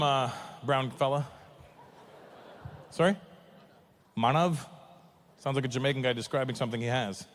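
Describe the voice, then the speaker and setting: A man from Canada doing a stand-up comedy set, teasing the crowd in an animated, mocking way that rises to shouts. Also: mid-range voice, normal speed, pauses often, slight background noise. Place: large comedy venue with audience. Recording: live stage recording in a reverberant hall.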